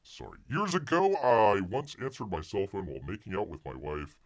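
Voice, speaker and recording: A man's voice: on the low side, huge pitch swings, normal speed. A man hosting a casual live stream who talks about himself in the third person and halts often with restarts. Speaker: live show host.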